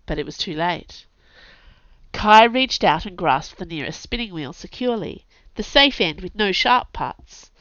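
A woman, an author and podcast host, narrating a story aloud in a lively, expressive way, on a dull lo-fi recording. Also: lowish voice, unhurried, dry recording. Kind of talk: scripted audiobook narration. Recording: dull lo-fi sound.

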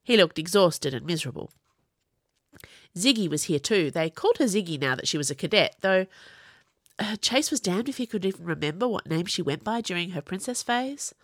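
Expressive woman narrating an audiobook. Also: on the low side, brisk, no room sound, clean studio sound.

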